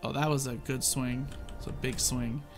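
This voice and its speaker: A man giving casual, excitable commentary as he plays a video game and narrates his own moves. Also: medium pitch, normal speed, faint music behind. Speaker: gaming channel host.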